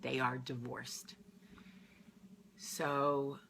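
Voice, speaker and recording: A woman's voice: rumbling low, little pitch movement, extremely slow, creaky, fairly bright tone, a little hiss or hum. A woman from New Jersey hosting her own show, talking to camera in an earnest, heartfelt, conversational way as she gives advice. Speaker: host. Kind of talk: casual chat to camera.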